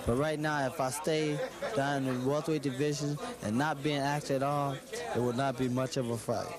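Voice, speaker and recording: Halting male boxer, crowd behind. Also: mid-range voice, fairly even intonation. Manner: halting, repeats and restarts phrases. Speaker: boxer being interviewed. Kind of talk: sports interview answers.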